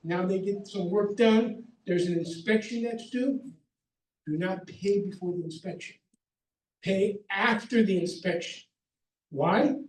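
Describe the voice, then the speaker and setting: A man's voice: sits high, measured pace, darkish tone, a little hiss or hum. A middle-aged man, a contractor, giving practical advice to a seminar audience in an emphatic way, laying out numbered points and often checking in with "okay?". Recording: roomy hall, mic far off.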